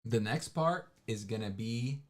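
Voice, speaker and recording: A man's voice: mid-range voice, animated, measured pace. A man co-hosting a livestream, chatting casually and rambling, often trailing off with fillers. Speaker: livestream co-host. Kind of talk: casual chat.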